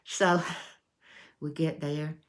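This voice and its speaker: A woman's voice: low voice, flat delivery, drawn-out words. A woman, telling a story in a folksy, meandering way as a vlogger. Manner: folksy, meandering with restarts and fillers. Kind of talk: casual storytelling.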